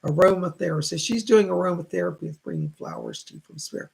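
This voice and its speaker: A man's voice: high-pitched, huge pitch swings, fast talker, vocal fry, a little mellow, slightly rough, low-quality recording. A man hosting live-stream psychic readings. He reads viewer messages aloud and relays spirit messages. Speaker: psychic reader, show host.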